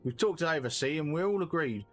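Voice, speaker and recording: A man voicing a gruff, loyal male soldier with blunt, folksy, rough-spoken talk. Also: a little high, animated, quick pace, soft background music, pitched above the performer's own voice, close to an everyday voice. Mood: stubborn. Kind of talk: reading game dialogue aloud.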